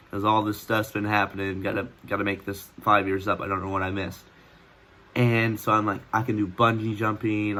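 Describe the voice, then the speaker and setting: A man's voice: lowish voice, fairly bright tone. A teenage boy vlogging at home, telling a long story in a casual, rambling way, full of restarts and fillers, laughing often.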